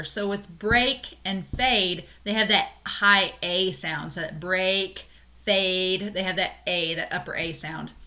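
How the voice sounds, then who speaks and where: Young woman instructor, bright tone, casual recorded lecture delivery with fillers. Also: mid-range voice. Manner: casual, explanatory, frequent "um" fillers and light laughs. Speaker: college English instructor.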